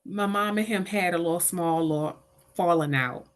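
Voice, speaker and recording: A woman's voice: on the low side, normal speed. A middle-aged woman, an interview guest telling a personal caregiving story and acting out the voices of the people in it. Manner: animated, voices the people in her stories.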